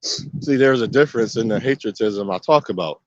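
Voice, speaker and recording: A man's voice: lowish voice, moderate pace, dry recording. A man giving a casual spoken monologue, emphatic and repetitive, driving his points home with rhetorical questions. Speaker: video commentator. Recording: dull, muffled dry recording.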